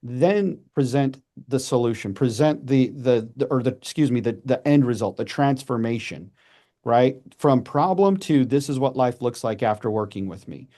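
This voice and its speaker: Podcast guest, man in his 40s, warm mellow tone, chatty and animated, restarts often. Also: medium pitch. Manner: animated, with quick restarts and acted-out asides. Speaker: podcast guest, messaging coach. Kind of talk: casual conversational advice.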